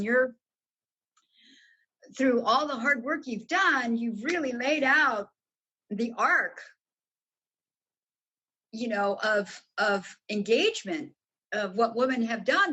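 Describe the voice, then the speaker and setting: A woman guest telling a story in casual, animated talk, swearing freely and jumping up in pitch when excited. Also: breathy edge, muffled recording. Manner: animated, profane, swoops high when excited.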